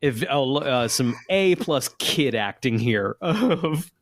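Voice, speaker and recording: A man's voice: mid-range voice, slow, no echo, clean studio sound. A man co-hosting a podcast, recapping a TV episode in casual chat with a joking manner. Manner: lively, jokey, laughs often. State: hiccuping.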